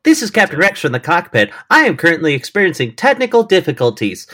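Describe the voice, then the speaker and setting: A man's voice: on the high side, big pitch swings, fast, bright, forceful tone, voice pushed up, full character voice. A man putting on the voice of a droid pilot making a cockpit announcement. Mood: announcing. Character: droid pilot of a theme-park ride, male.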